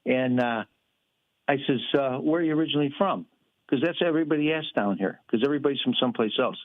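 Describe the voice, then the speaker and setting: Man, radio caller, tinny phone line, rambling folksy storytelling, mid pitch. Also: quick pace. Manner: rambling, folksy, many fillers. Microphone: telephone.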